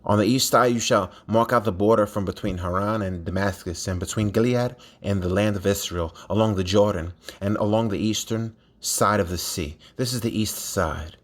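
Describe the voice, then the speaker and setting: A man reading scripture aloud at a steady pace, with a few slips and restarts. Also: on the low side, normal speed, hardly any pauses. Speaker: scripture reader.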